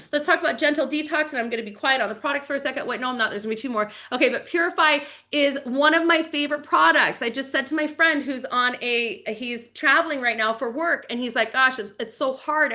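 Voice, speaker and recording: A woman in her forties giving a fast, enthusiastic, chatty live-stream sales pitch for wellness products. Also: sharp tone. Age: 40s.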